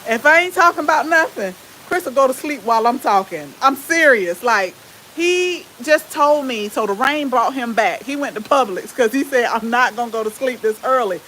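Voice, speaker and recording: A woman with a Southern US accent and a relaxed drawl, chatting casually with viewers as the host of a gardening channel. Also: high-pitched, normal speed, a little hiss or hum, poor audio. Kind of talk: casual live-stream chat with viewers.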